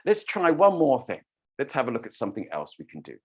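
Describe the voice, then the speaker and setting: Storytelling teacher doing an online workshop, super lively up-and-down voice, shows off mouth shapes. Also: mid-range voice, fast, breathy edge. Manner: animated and demonstrative, modelling voices.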